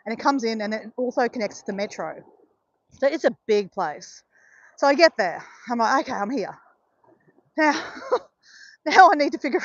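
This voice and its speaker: Her mid-range voice comes through dull, with no room sound at all. She's a middle-aged vlogger talking casually on a walk, telling a story, frequently addressing viewers and leaning on "guys" and "right."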